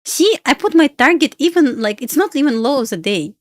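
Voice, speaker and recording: A young Russian-accented woman with a high, expressive voice talks briskly in studio-quality audio with no room sound. It's casual live-stream chat about trading, where she keeps laughing and pleading with the chart.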